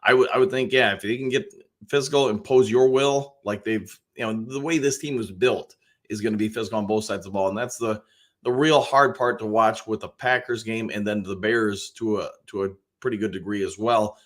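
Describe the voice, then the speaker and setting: A man's voice: lowish voice, fairly quick, a bit bright. A man hosting a live football talk show, reading viewer comments and giving his take in a rambling, casual way with lots of restarts. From Detroit area. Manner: chatty, rambling with frequent restarts and fillers; greets viewers by name, upbeat.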